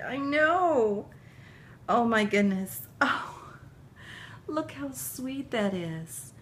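High, tearful gushing woman. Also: lively intonation, extremely slow, pauses often. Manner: gushing, laughing through tears, breaking into soft whispers. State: tearful, crying while talking. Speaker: vlogger opening a gift package. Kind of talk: casual unboxing vlog.

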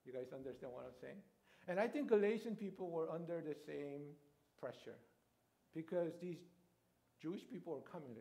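Male pastor, 50s, high-pitched, chatty conversational preaching style. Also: animated, normal speed, gravelly, warm tone. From Korea. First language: Korean. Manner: conversational, checks in with "right?" and "you know". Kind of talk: sermon. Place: church sanctuary.

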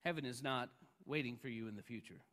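A man pastor preaching a sermon, emphatic, rising loud on the lines he quotes. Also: mid-range voice, quick pace, long reverb tail.

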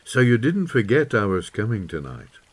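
A man's voice: on the low side, very animated, normal speed, slightly rough. A man voicing a sincere young forester in his twenties, in an audiobook. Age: 20s. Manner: thoughtful, sincere. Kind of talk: audiobook character voice.

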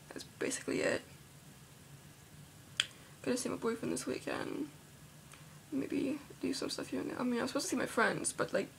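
A woman's voice: high voice, creaky, slight background noise. A seventeen-year-old girl chatting casually in a vlog, rambling and filling her speech with "like", sounding worried and unsure. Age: teens. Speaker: vlogger.

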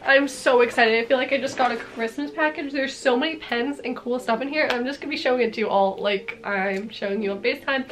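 A young woman with a cold talking excitedly in a casual haul vlog, gushing over her purchases. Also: fairly high pitch, quick pace, few pauses, soft background music. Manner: bubbly and gushing, lots of "like" and "are you kidding me". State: congested with a cold. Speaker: vlogger.

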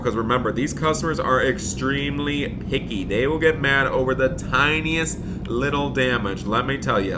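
A man doing chatty Roblox roleplay commentary, talking to viewers and his in-game son, with dramatic bursts of dismay. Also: medium pitch.

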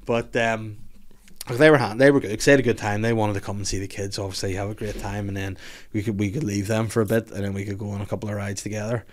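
A man's voice: on the low side, fast talker. Swearing Scottish man telling a story. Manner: animated, laughing, sweary, acts out voices. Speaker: podcast host. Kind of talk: casual chat, storytelling.

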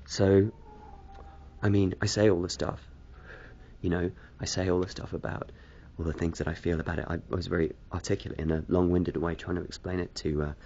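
A man's voice: low-pitched, little pitch movement, a little fast, vocal fry, a little mellow, dull audio, a little hiss or hum. A man rambling hesitantly to camera in a casual vlog, self-deprecating, smoking as he talks. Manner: smoking a cigarette while talking. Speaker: video blogger.

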